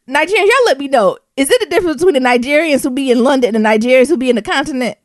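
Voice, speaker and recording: An American woman co-hosting a podcast in casual chat, slangy and animated, laughing often and spelling words out. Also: high voice, rapid-fire, hardly any pauses, no echo, clean studio sound. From United States. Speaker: podcast co-host.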